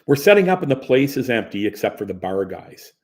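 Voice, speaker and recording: Brief: male audiobook narrator, first-person memoir, wry and conversational, mid pitch. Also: sing-song, a little fast, a little mellow.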